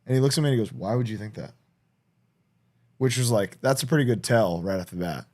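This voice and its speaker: A man co-hosting a podcast in casual chat, telling stories with lots of swearing and quick restarts. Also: mid-range voice. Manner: animated storytelling, heavy swearing, frequent restarts. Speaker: podcast co-host.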